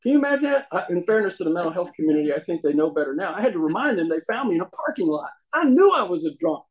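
A man tells his life story to a meeting audience. His voice sits a little above the usual male pitch. He talks in a folksy, humorous way and acts out the voices of the people he quotes. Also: big pitch swings, rapid-fire, rough recording. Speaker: speaker sharing his recovery story.

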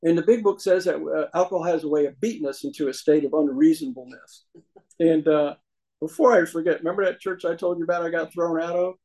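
A man's voice: a little high, fairly even intonation, fast, a little mellow, rough recording. A man telling his recovery story to a meeting audience in a folksy, humorous way, acting out the voices of people he quotes.

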